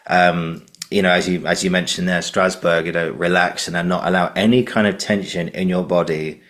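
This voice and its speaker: Deep-voiced British man hosting a podcast. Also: fairly even intonation, normal speed, fairly bright tone. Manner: rambling, full of restarts and "you know". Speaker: podcast host. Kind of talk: casual interview chat.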